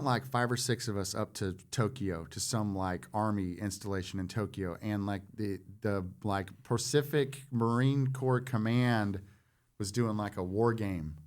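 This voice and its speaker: A man in his forties, a former Marine guest on a podcast, telling stories in a self-deprecating, halting way with lots of fillers. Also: fairly low pitch. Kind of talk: casual storytelling chat.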